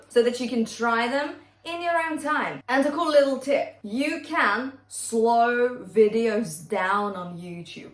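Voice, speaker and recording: A woman coaches a singing warm-up, alternating sung exercise syllables with short spoken cues and praise. Her voice sits a little high and unhurried, picked up from a distance in a roomy space with piano behind her. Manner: encouraging coaching, sings exercises and gives quick cues. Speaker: singing teacher. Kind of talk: vocal warm-up lesson. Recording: roomy sound from off the mic with piano. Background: piano accompaniment.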